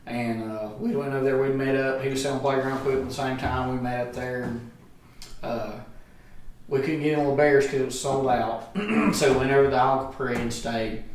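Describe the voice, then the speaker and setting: A man's voice: mid-range voice, brisk, a little hiss or hum. A middle-aged man, a guest telling a profane, rambling story in casual chat. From Alabama, US. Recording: echoey room, distant mic.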